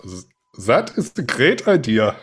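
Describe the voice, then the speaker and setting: A man's voice: medium pitch, wildly swooping pitch, unhurried, slightly rough. A man co-hosting a casual podcast, joking and teasing his co-host.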